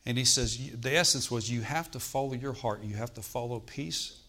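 Brisk and pushed, with a bright, medium-pitched voice, a man delivers a sermon built around his personal testimony. He talks conversationally and checks in often with an "Okay?" to the congregation.

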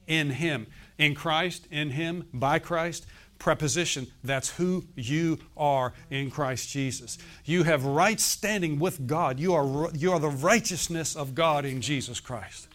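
A man's voice: fairly high pitch, slow, fairly bright tone. A man in his sixties preaching a sermon as pastor, emphatic and often asking the congregation to answer. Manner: emphatic, asks the congregation questions.

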